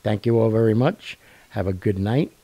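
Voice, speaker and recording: A man's voice: lowish voice, moderate pace, warm tone, slightly rough, dry recording. A man hosting a live online show, rambling and joking in casual chat. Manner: rambling, jokey, with fillers and laughs. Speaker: show host.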